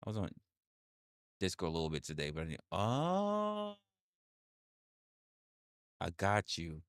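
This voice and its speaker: A man's voice: deep voice, huge pitch swings, a little slow, clear, resonant tone, no echo, clean studio sound. A man hosting a livestream, reading chat aloud and reacting with repeated exclamations, swearing and laughter.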